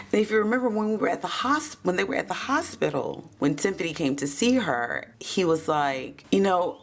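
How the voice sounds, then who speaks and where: A woman with a low, gravelly voice recaps a TV episode in a chatty, gossipy way. Her pitch swoops up and down as she talks, and she keeps calling the listeners baby and child. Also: darkish tone.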